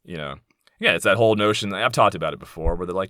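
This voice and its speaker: Deep yet pushed and bright, this man's voice comes fast and studio-clean with no room sound. In his thirties, he hosts a solo podcast, talking candidly and rambling, turning profane and heated when indignant.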